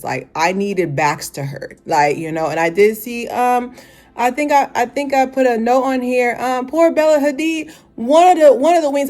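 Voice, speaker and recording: A young woman vlogger casually reviews a fashion show, chatty and animated. She uses lots of filler words and breaks into sudden high exclamations.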